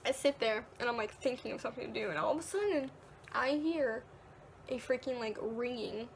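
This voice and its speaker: A woman's voice: on the high side, fairly quick, creaky, slight background noise. A teenage girl vlogging, casually telling a story, full of "like" and acted-out quotes. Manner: chatty, peppered with "like", acts out quotes.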